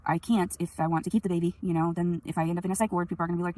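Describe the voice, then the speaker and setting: A young woman in a rambling, profane venting monologue, swinging between loud anger and quiet sadness, recorded on a phone. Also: on the low side, fairly even intonation, racing, hardly any pauses, distant mic. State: sleepy.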